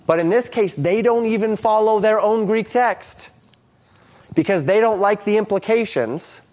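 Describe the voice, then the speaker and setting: Bible teacher, man, slightly high voice, halting delivery full of ums, walks through Greek grammar on a shared screen. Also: darkish tone. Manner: halting, with many ums and restarts; explains Greek grammar, reading out translations.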